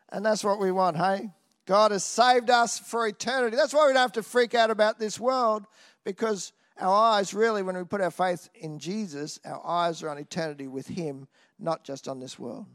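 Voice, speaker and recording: A man preaching a sermon in an animated way, swinging from loud exclamations to quiet asides and often tossing in a "hey?". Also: high-pitched, moderate pace.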